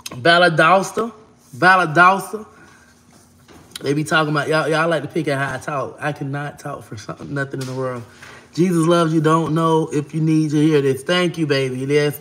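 Fast-talking woman hosting a livestream. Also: sits low. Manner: fast-talking, shout-outs to viewers. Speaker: livestream host reading viewer comments. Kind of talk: casual livestream chat.

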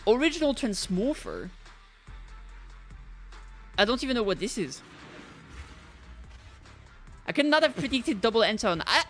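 A young woman streamer reacting loudly to game pulls, talking to the screen and shouting when things go wrong. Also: on the high side. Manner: excitable, yells at the game. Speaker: gaming streamer.

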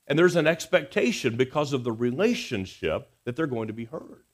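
A man preaching a Sunday sermon in a church, earnest and expressive, swinging between emphatic rises and soft, quiet drops. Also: medium pitch, a little fast. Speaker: pastor. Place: church sanctuary.

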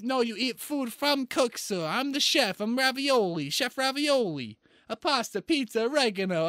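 Pushed, bright, and extremely high, this exaggerated voice is recorded at studio quality without echo. A man improvises a bragging male Italian chef over video chat in a fake Italian-American accent, self-satisfied as he rattles off foods.

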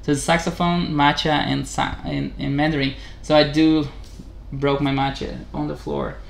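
A man hosting a casual vlog, talking haltingly in English, correcting himself and chuckling as he practices a new language. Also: a little high, level tone, vocal fry, a little hiss or hum. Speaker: channel host.

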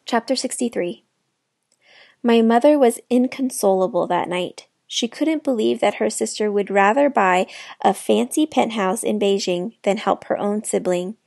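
Gravelly woman reading a children's book. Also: medium pitch, a little slow, darkish tone, no echo, clean studio sound. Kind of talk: read-aloud narration.

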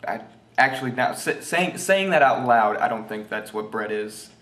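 A young man giving a jokey, mock language lesson, goofy and deliberate and unsure of his own facts. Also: mid-range voice, expressive, fairly bright tone. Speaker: self-styled language teacher. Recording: roomy echo.

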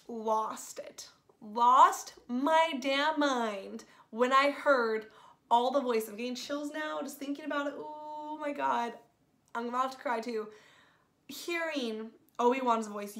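Woman host, fairly high voice, casual spoiler review, excitable and gushing, filler-heavy. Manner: gushing, excitable, says "like" constantly. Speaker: movie reviewer.

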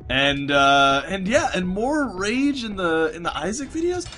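A gaming YouTuber with a high, sing-song voice narrates his video game run at a measured pace, with music in the background. His let's play commentary is rambling and chatty, full of fillers and restarts.

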